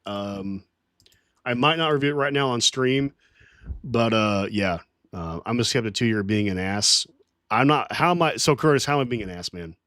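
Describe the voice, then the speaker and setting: A man's voice: mid-range voice, normal speed, a bit bright, dry recording. A man hosting a casual livestream, talking to his chat in a rambling, defensive way and swearing often. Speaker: livestream host.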